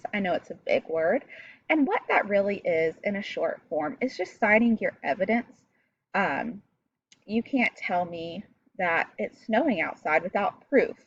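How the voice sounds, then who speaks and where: A woman's voice: mid-range voice, dull audio, a little hiss or hum. A woman teaching a recorded reading lesson, explaining step by step and talking directly to her pupils.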